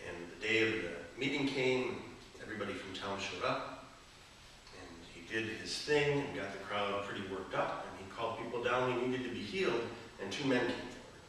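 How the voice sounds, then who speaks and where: A man's voice: lowish voice, normal speed, a bit bright, a little hiss or hum. A man giving a sermon as a bishop, telling stories and jokes to a gathering. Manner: storytelling, joking. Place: gathering hall. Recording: echoey hall, mic from far off.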